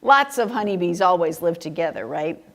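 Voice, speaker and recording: A woman's voice: fairly low pitch, animated, normal speed. A woman reading picture books aloud to a group of young children, playful and sing-song, asking them questions and laughing often. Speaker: children's story time reader.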